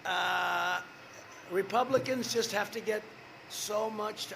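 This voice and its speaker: A man's voice: high voice, takes it slowly, gravelly, noisy background. An older man in his seventies giving a rambling, boastful rally speech outdoors, with asides to the crowd. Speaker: political rally speaker.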